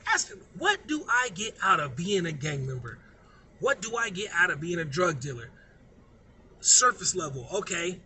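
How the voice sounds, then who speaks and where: Guy ranting to camera, swears a lot, preachy, really high sharp voice. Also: slight background noise. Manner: profane, preachy, emphatic. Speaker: vlogger. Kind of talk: unscripted motivational rant.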